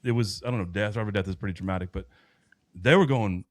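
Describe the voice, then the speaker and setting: This podcast guest, a man in his thirties, speaks quickly in a lowish voice as he recounts his personal faith story conversationally. He rambles earnestly and restarts often. The recording is dry and of studio quality.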